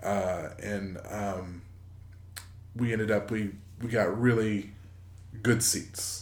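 A man in his forties, a podcast co-host, telling a casual story in a rambling, halting way with many fillers and restarts. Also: on the low side, fairly even intonation. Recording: echoey room.

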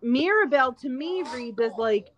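Chatty woman with a fairly high voice. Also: animated, a little slow, highs cut off, crowd noise. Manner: chatty, full of "like" fillers. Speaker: podcast co-host. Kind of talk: casual chat.

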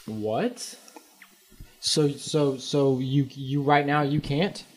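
A man's voice: medium pitch, extremely slow. A young man hosting a casual podcast, interjecting with teasing, profane remarks. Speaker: podcast host. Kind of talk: casual chat.

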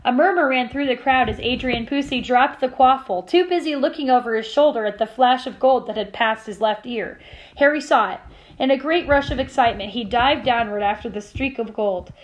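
High-voiced teacher reading a story aloud. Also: female voice, fairly quick, slight background noise, low-quality recording. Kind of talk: reading a novel aloud to a class.

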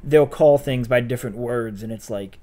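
A woman's voice: extremely low pitch, mellow. A young woman co-hosting a podcast, reacting and joking in casual chat about a reality show. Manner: quick reactions, playful, swooping emphasis. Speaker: podcast co-host.

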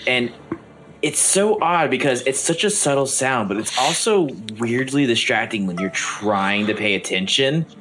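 A man narrating as game master of a tabletop game, halting and restarting often. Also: mid-range voice, animated, background noise.

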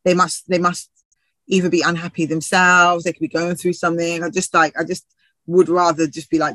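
A woman's voice: fairly low pitch, normal speed, fairly bright tone, no echo, poor audio. A woman TV presenter and actor from the UK, chatting in an interview with frequent laughs and restarts. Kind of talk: casual interview chat.

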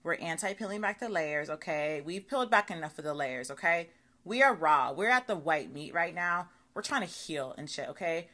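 Young woman doing a solo podcast, bright forward voice, kinda low, swears a lot, super chatty. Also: moderate pace. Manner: chatty, animated, swears freely, says okay and y'all a lot. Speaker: podcast host. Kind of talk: casual solo podcast monologue.

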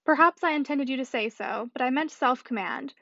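A woman's voice: high voice, fairly quick, pushed and bright, no echo. A woman reading the part of a witty, self-assured young lady with an arch, playful manner. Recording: dull dry audiobook recording.

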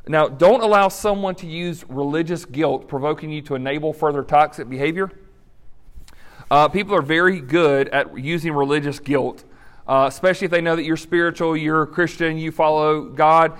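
A man's voice: on the high side, normal speed, clear, resonant tone. A male pastor preaching in an earnest, direct, conversational way, with fillers. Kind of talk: sermon.

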